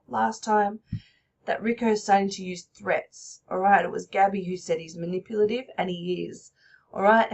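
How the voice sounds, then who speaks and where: A woman's voice: mid-range voice, creaky, darkish tone, dull audio. A woman teaching a recorded lesson, explaining step by step and checking in with "all right?".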